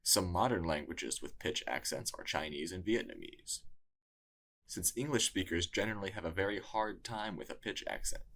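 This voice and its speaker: A man narrating a scripted lesson in a measured, explanatory way. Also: deep voice, fairly bright tone. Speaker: tutor.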